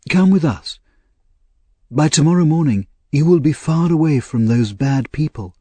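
A male narrator voicing an anxious, kindly old gentleman, earnest and measured, for an audiobook. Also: on the high side, lively intonation, breathy edge, no room sound, pitched above the performer's own voice. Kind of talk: audiobook character reading.

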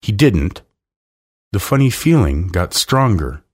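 A man reading a children's story aloud slowly and expressively as storyteller. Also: deep voice, big pitch swings, a little mellow, husky.

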